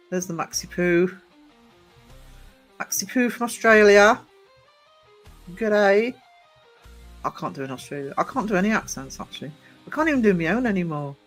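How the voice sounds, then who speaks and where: A man on a casual live stream, chatty and teasing, greeting viewers by name and laughing often, talking from a gym while low on energy. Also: a bit bright.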